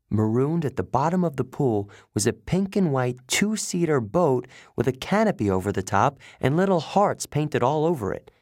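A man narrating a first-person audiobook in an expressive, wry storytelling manner from a recording booth. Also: medium pitch, moderate pace, few pauses, dry recording, clean studio sound.

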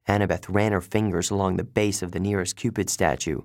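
A man narrating a first-person audiobook in an expressive, wry storytelling manner from a recording booth. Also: low-pitched, moderate pace, hardly any pauses, dry recording, studio quality.

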